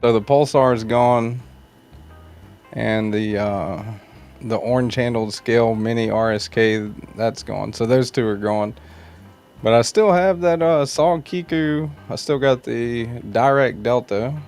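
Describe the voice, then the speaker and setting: Faint music plays behind this knife channel livestream host, whose mid-range voice has a darkish tone and an unhurried delivery. Relaxed and chatty, he works through viewer comments and says hello to viewers by name.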